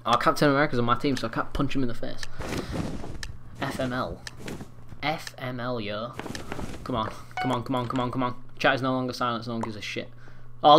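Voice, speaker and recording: A teenage boy rattles off gameplay commentary, jumping between mutters and outbursts, cursing freely. His voice sits at an ordinary middle pitch. Faint keyboard clicking is heard behind him. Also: slight background noise. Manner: excitable, swearing, trash-talking. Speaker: gaming commentator.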